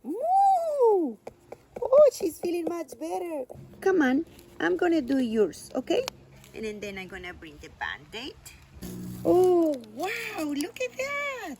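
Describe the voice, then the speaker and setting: High and unhurried, a woman plays out a toddler-doll story with big dramatic gasps and cries. She coos gently at little toy animals, drawing the words out slowly. There is a faint hiss behind her voice. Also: huge pitch swings. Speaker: doll play narrator. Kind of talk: playful toy play voicing toddler dolls.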